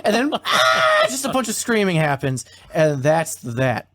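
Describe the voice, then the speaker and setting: A man co-hosting a podcast, casually recapping a story and quoting its characters in a flat, offhand way, swearing now and then. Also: a little high, moderate pace, noisy background. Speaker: podcast co-host.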